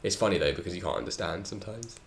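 A young man from England hosting a casual podcast chat, slangy and quick to laugh. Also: low voice, expressive, creaky. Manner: chatty, slangy, laughs often. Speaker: podcast host. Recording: echoey room with faint ambient noise.

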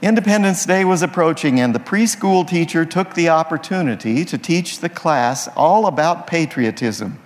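A man's voice: on the high side, expressive, moderate pace, few pauses, long reverb tail, slight background noise. A man, a priest, opening his sermon with folksy jokes before turning serious. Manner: folksy, playful joke-telling. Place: church.

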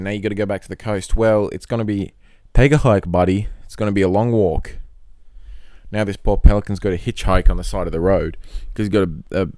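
A man talks loosely and at length on his own podcast, swearing freely and tossing in jokes. His voice sits on the low side. The recording is close and dry, with no room sound. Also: darkish tone, dry recording. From not from Australia. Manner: rambling, profane, joking. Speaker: podcast host. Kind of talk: casual solo monologue. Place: in Australia.

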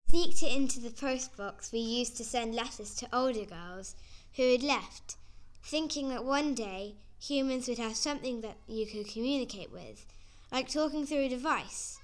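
A woman's voice: on the high side, normal speed, hardly any pauses. A woman reading a first-person story aloud in an earnest, plain way. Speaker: narrator.

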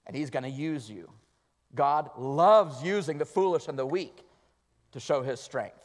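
A male pastor delivering an earnest sermon, moving between loud emphatic lines and soft, hushed passages. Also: fairly high pitch, animated, unhurried. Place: church sanctuary. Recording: long reverb of a church hall.

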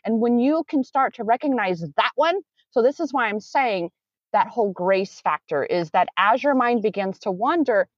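Speaking a little high, a woman coach chats in an interview format, meandering and earnest, frequently revising what she's just said. No echo is present, but the sound quality is dull and lo-fi.

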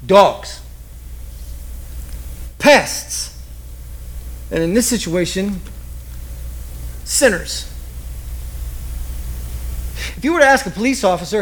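High-voiced male preacher. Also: takes it slowly, pauses often, slight background noise. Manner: lively storytelling, acts out quotes. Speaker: pastor. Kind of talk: sermon.

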